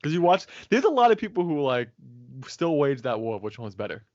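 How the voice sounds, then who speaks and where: A man's voice: a little high, big pitch swings, a little fast, a little mellow, no room sound, dull audio. A man co-hosting a podcast in casual chat, who laughs often and acts out quotes as he talks. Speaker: podcast co-host.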